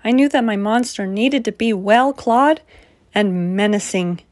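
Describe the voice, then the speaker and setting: Woman storyteller, slow picture-book reading, dry. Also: mid-range voice, darkish tone, no room sound.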